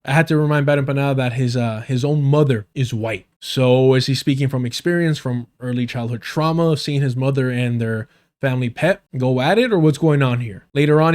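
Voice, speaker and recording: A man's voice: medium pitch, darkish tone. A man from the United States giving heated, profane, sarcastic commentary on a political debate during a livestream.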